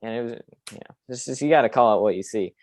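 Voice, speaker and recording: A man's voice: mid-range voice, fast, no room sound. A young man hosting a casual sports podcast, opinionated and rambling with lots of fillers. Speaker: podcast host.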